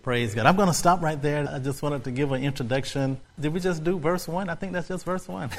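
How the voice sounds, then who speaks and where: A man's voice: on the high side, fairly quick, hardly any pauses. A male pastor preaching a sermon, repeating phrases and building to fervent, rising exclamations.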